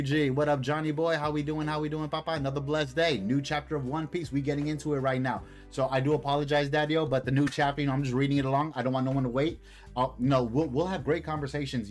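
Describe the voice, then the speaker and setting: A man hosting a casual live stream, reading a comic aloud and commenting in a slangy, hyped, rambling way. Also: medium pitch. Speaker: streamer, host.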